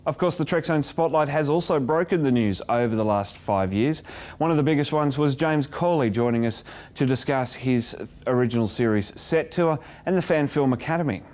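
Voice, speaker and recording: Australian male host, scripted narration, steady and keen, mid-pitched. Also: moderate pace.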